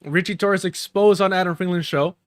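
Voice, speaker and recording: A man's voice: sits high, a little fast, no echo, clean studio sound. A man giving live reaction commentary on a clip, mocking and profane, breaking into laughter.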